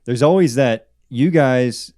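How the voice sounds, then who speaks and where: A man hosting a podcast, a veteran, asking questions in a relaxed, conversational way. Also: medium pitch, slow pace, dry recording, studio quality. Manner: relaxed, conversational, frequent fillers. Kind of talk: casual interview chat.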